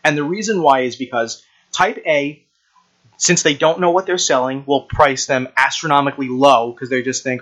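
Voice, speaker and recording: A man's voice: mid-range voice, moderate pace, fairly bright tone. A man co-hosting a casual chat, telling rambling stories with crude jokes. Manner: rambling, crude joking storyteller. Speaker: podcast co-host.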